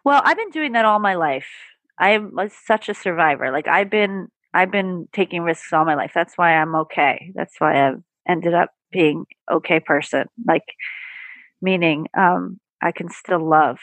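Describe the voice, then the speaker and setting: A woman's voice: on the low side, normal speed, a bit bright, dry recording. A woman guest on a podcast, a therapist and performer, talking candidly and with animation, often laughing. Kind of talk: casual interview chat.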